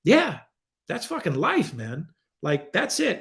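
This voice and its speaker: A man in his forties, a podcast guest, telling stories in a casual, animated, profane way. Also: takes it slowly, creaky. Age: 40s. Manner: animated, profane, acts out quoted voices with big pitch jumps.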